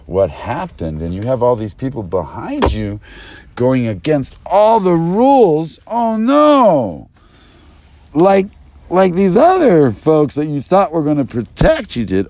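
A man talks in an unhurried, meandering ramble that leaps from topic to topic with a conspiratorial edge. His pitch swoops widely up and down, and the binaural pickup puts him close and spatial in the ear. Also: mellow. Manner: erratic, conspiratorial, jumps between topics. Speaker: self-styled press speaker. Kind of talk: rambling stream-of-consciousness monologue.

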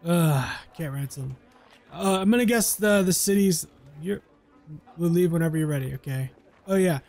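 High-voiced man chatting through a game. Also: animated, moderate pace, dark tone. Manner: playful, chatty, dips into mock role-play. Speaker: gameplay commentator. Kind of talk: casual gameplay commentary.

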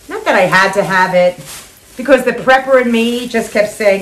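A woman's voice: mid-range voice, lively intonation, moderate pace, fairly bright tone, a little hiss or hum. Gushing older woman showing off a haul. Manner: gushing, repeats herself, frequent laughs. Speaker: vlogger showing a shopping haul. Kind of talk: casual chatty haul video. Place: at home.

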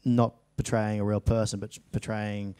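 Young Australian man, flat smooth voice. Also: lowish voice, normal speed, no echo. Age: late teens. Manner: rambling, many restarts and fillers. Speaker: actor guest. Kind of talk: casual interview chat. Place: interview studio.

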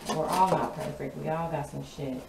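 A woman's voice: sits low, steady tone, moderate pace. A woman giving a casual tarot reading in a sassy, emphatic way, often repeating her lines for effect. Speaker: tarot card reader. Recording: roomy, distant mic, clear background noise.

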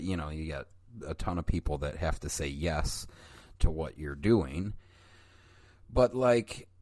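A low-voiced man talking through a film review on his podcast, recorded close and dry with no room sound. He rambles, swears freely and pokes fun at himself, drifting off topic and then finding his way back. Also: no echo. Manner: rambling, profane, self-mocking, goes off on tangents. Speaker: podcast host. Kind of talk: casual solo film review.

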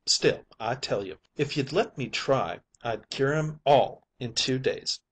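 A man's voice: medium pitch, animated, a little slow, slightly rough. A man reading an audiobook, voicing a cocksure ship's mate with a persuasive, wheedling manner. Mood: coaxing. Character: crafty ship's mate, male, middle-aged, cocksure. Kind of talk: audiobook character voice.

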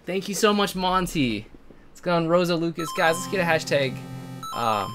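A man live-streaming a video game, chatting with his viewers and gushing thanks, sometimes bursting into shouts. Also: a little high, expressive, moderate pace. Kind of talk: live-stream chat while playing. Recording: background music under voice. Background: game music.

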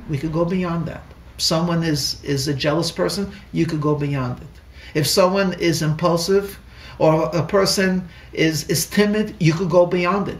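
High gravelly rabbi telling a story. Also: male voice. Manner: halting, repeats words often. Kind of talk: sermon storytelling. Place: lecture room in a Torah center. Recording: echoey room, distant mic.

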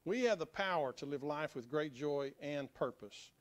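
A middle-aged man preaching a sermon as pastor, mixing joking asides with quiet, earnest storytelling. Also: fairly high pitch, lively intonation, normal speed. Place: church sanctuary.

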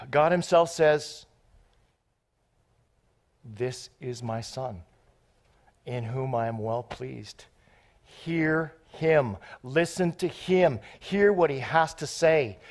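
A man preaching a sermon in an excitable, off-the-cuff way, joking with the congregation between scripture readings. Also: medium pitch, drawn-out words, pauses often. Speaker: guest preacher.

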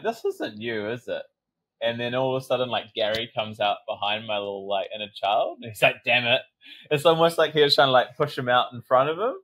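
A man's voice: mid-range voice, a bit bright, rough recording. A man, a sobriety coach, telling a personal story in a casual podcast interview, acting out his inner dialogue and swearing casually.

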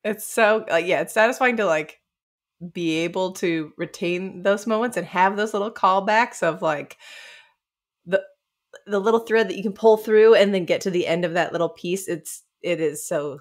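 A woman's voice: medium pitch, animated, moderate pace. A woman co-hosting a casual book club chat, vividly imagining and retelling a scene from the novel. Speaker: podcast co-host.

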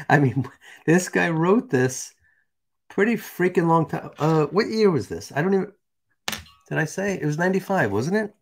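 Creaky-voiced male stream host. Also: on the high side, animated, moderate pace, long pauses. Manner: casual, chatty, asides to the chat. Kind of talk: reading a text aloud and chatting with viewers.

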